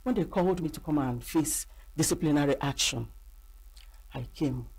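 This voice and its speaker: A middle-aged Nigerian woman, an actress, chatting in an interview and telling animated stories with acted-out quotes. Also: low voice, moderate pace, slightly rough. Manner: animated storyteller acting out quoted voices. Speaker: actress and guest. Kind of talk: casual interview chat.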